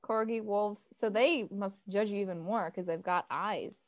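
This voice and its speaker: A young American woman co-hosting a casual chat, giggly and animated, full of fillers. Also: medium pitch, moderate pace, no room sound. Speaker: podcast co-host.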